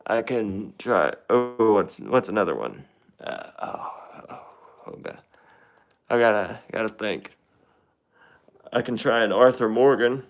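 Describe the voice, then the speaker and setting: A man's voice: lowish voice, animated, measured pace, creaky, long pauses. A man streaming live into his phone, chatting casually in a rambling, hesitant, self-deprecating way. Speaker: livestreamer.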